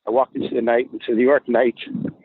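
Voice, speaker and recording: Fast, animated male storyteller over a dry, tinny phone line. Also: mid-range voice, husky, no room sound. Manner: animated storyteller, acts out voices. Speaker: guest promoter. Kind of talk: telling a story on a podcast.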